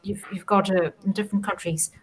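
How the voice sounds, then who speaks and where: A woman's voice: mid-range voice, steady tone, fairly quick, low-quality recording. A woman from India with a mixed Indian and Southern English accent, explaining things on a casual video call with many fillers.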